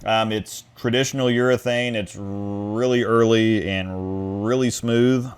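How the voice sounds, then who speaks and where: A man's voice: fairly low pitch, steady tone, takes it slowly, clear, resonant tone. A man hosting a casual livestream over a video call, rambling through viewer questions with frequent restarts. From Midwest US. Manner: rambling, restarts phrases, answers chat questions. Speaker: stream host.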